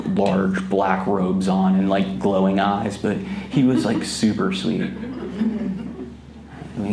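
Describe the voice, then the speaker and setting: A man's voice: sits low, a little hiss or hum. A man, a meditation teacher giving a casual, storytelling dharma talk at a retreat. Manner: casual storytelling, gentle and laughing. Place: retreat hall, indoors. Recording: echoey retreat room.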